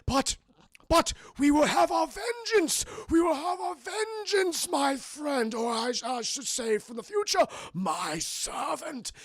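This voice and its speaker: A man putting on the voice of a grandiose, scheming male villain, with drawn-out theatrical declarations. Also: extremely high pitch, lively intonation, dry recording, studio quality, voice pushed up, heavily acted. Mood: menacing.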